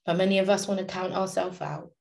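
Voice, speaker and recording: Woman, inspirational speaker, lower-pitched; fervent and streetwise, repeats lines for emphasis. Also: steady tone, fast, vocal fry. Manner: passionate, slangy, repeats phrases for emphasis. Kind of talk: inspirational talk.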